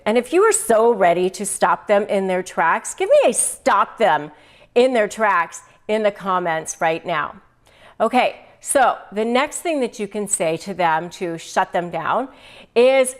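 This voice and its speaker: A middle-aged woman talks straight to the camera in an advice video. Her voice sits in a middle pitch, and she leans hard on key words, slipping into quoted lines with lively emphasis. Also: normal speed. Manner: animated, emphatic, acts out quoted phrases. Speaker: host, negotiation advice presenter.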